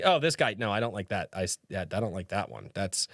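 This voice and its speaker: A man chatting on a live stream, his voice swinging up and down in pitch as he reads comments out. He laughs often, swears freely, and mocks the comments with open amusement. The sound is dry and close, with no room around it. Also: very animated, a little fast, fairly bright tone, no echo. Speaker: streamer reading viewer comments. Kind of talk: casual live-stream chat.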